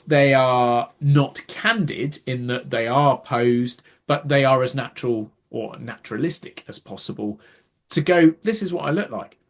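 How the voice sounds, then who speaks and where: A man, a podcast co-host who works as an actor, explaining at length in casual chat. He often restarts words and acts out quoted reactions. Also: mid-range voice.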